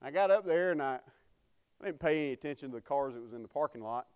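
Man, pastor, folksy sermon storytelling, crowd call-and-response, smooth tone. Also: on the high side, lively intonation, fast, darkish tone, lo-fi sound. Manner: folksy storytelling preacher, calls for congregation response.

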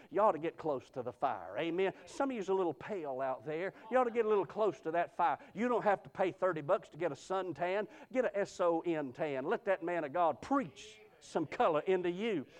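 Preacher guy, high voice, gets loud and emphatic, says amen a lot. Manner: rising, emphatic preaching with amens. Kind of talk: sermon storytelling.

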